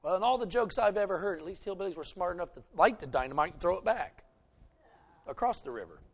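A man's voice: high voice, animated, fast. A pastor preaching a sermon to his congregation, folksy and joking, from the American South.

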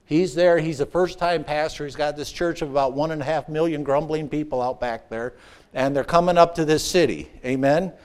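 Male preacher, high voice, animated sermon, call-and-response asides, shouts and hushed stretches. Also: brisk. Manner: rises to excited shouts, drops to hushed tones. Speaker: pastor.

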